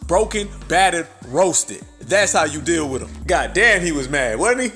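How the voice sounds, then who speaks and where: A man's voice: fairly high pitch, sing-song, normal speed, bright, forceful tone, faint music behind. A man hosting a podcast, giving blunt, profane, combative commentary. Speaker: podcast host.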